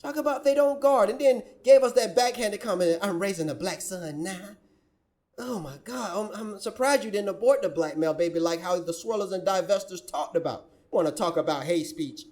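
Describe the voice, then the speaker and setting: A man's voice: high-pitched, brisk, few pauses, a little mellow. A man hosting a reaction commentary, scolding and preaching as he rants. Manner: preachy, scolding, quotes scripture. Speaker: commentary channel host.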